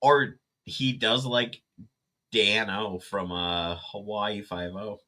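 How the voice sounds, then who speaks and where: A man co-hosting a casual live-stream chat, an animated storyteller who breaks into silly voices. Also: lowish voice, slow pace. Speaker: co-host.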